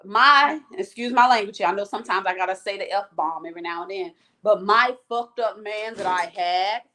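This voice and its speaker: A woman's voice: fairly high pitch, sharp tone. A woman hosting a live chat show. She talks to her viewers frankly and with energy, and reads out their comments. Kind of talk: casual livestream talk, reading viewer comments.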